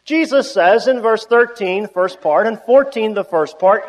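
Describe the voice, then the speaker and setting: A man's voice: high voice, a little slow, hardly any pauses, in a large hall, low-quality recording. A man preaching a sermon, stressing key words with sudden rises and stretching out his phrases.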